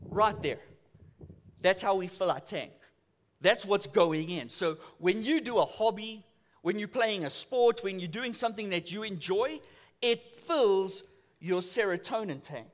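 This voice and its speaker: A man preaching a sermon in church, telling stories with acted-out voices. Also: high-pitched. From South Africa. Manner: animated storytelling with acted-out voices. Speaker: pastor.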